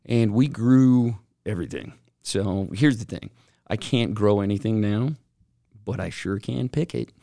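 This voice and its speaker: A man co-hosting a podcast, telling rambling stories in an excitable, casual way. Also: on the low side, unhurried, gravelly, no room sound, clean studio sound. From Utah, Salt Lake Valley. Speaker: podcast co-host.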